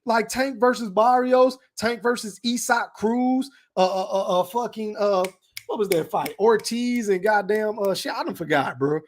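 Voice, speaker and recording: A man's voice: high-pitched, normal speed, a little hiss or hum. A man hosting a live podcast stream in a laid-back, slangy, profane way, greeting chat names and talking boxing.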